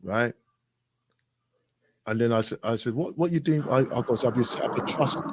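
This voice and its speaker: A radio show guest with a medium-pitched voice casually tells a story at normal speed over background noise, acting out both sides of a conversation. He's repetitive, often asking "right?" and saying "I goes".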